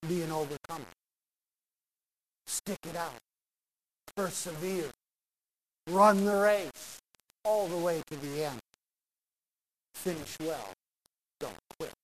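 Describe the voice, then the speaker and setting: A man's voice: on the high side, animated, slow pace, long pauses, a bit bright, slight background noise, poor audio. A man pastor preaching a sermon in a church, urging his listeners in short, emphatic phrases. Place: church sanctuary.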